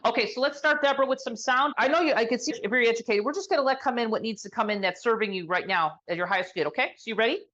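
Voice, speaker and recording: Slow soothing woman healer on a call. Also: a little high, a bit bright, dull audio. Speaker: sound healer. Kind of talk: guided energy healing session.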